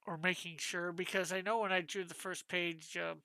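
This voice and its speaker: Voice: medium pitch, fairly even intonation, moderate pace, sharp tone, no room sound. A comic artist chatting casually with viewers on a live stream while drawing, thinking aloud and asking their advice.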